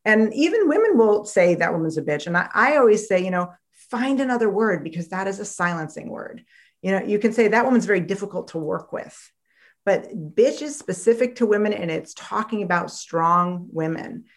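A woman author, a guest on a podcast, talking in an animated storytelling way and acting out quoted voices. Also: mid-range voice, fairly quick. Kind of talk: podcast interview conversation.

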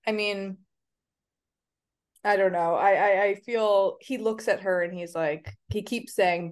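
A woman co-hosting a podcast in casual chat, recapping scenes in an animated way and laughing along. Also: on the low side, a little slow. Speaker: podcast co-host.

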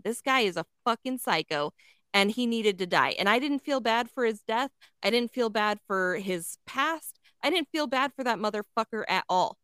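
A woman's voice: a little high, fairly bright tone, no room sound. A woman co-hosting a casual chat, talking bluntly and emphatically with heavy swearing. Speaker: podcast co-host.

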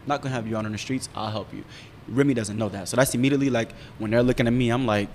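A young man in casual chat, candidly telling a story, profane and animated as he talks. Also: very fast. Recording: roomy reverb with faint rumble.

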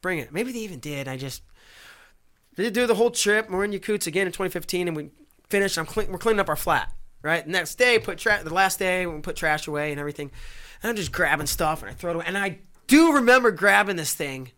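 Man, high voice, bright tone, animated storytelling chat, acts out voices. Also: fast. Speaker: guest.

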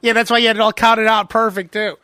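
A man's voice: high-pitched, flat delivery, fast talker, background noise. A man hosting a casual podcast chat, laughing often and acting out what people said. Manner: laughs often, acts out quotes. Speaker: podcast host.

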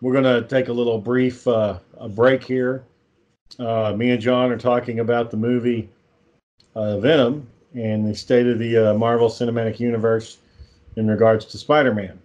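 A man's voice: mid-range voice, flat delivery, normal speed, darkish tone, muffled recording. Casual rambling man telling stories. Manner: rambling storyteller, swears casually. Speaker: podcast co-host. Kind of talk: casual chat.

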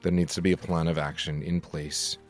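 A man playing a tabletop game in character, talking in a measured, earnest way. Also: low voice, level tone, soft background music. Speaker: player. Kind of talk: tabletop role-play, in character.

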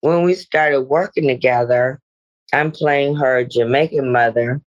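A woman's voice: a bass voice, unhurried, muffled recording. A middle-aged woman, a guest actress, speaking reflectively in a podcast interview with meandering "you know" asides.

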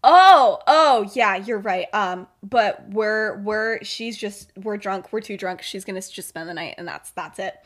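A woman's voice: mid-range voice, fairly even intonation, moderate pace, hardly any pauses, fairly bright tone, voice pushed down, natural voice. A woman voicing a drunk, flustered young man who stammers and trails off while making excuses.

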